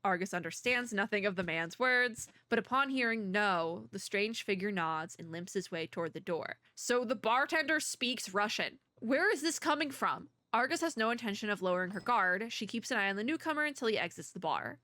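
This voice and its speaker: A woman chatting through a story game for her channel, reading the text and tossing in quick asides. Her voice is bright and forward, recorded close with a dry, roomless sound. She keeps a casual, talkative tone. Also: medium pitch, lively intonation, dry recording. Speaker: gaming content creator. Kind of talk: casual let's-play commentary.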